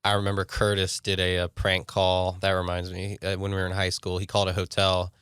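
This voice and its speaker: A man's voice: sits low, completely flat delivery, fairly quick, a bit bright, clean tone, dry recording, clean studio sound. A man in his twenties co-hosting a podcast, joking in laid-back casual chat. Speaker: podcast co-host.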